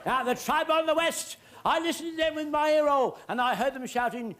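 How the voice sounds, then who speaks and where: A man telling a comic story on stage, shouting officers' orders and getting the audience to shout call-backs. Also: extremely high pitch, fairly quick, hardly any pauses, a crowd in the background. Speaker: music hall comedian. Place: theatre stage before a live audience. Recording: music hall stage with audience.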